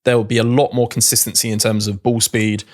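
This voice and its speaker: A man's voice: on the low side, little pitch movement, fairly quick. A man co-hosting a podcast, talking informally with hesitations and fillers. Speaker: podcast co-host. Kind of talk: casual podcast chat.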